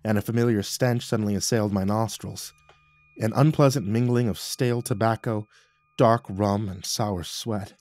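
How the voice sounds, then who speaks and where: A man's voice: fairly low pitch, steady tone, normal speed, dry recording. Dramatic man narrating a horror story. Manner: dramatic, jumps between hushed and loud. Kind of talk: scripted first-person horror narration.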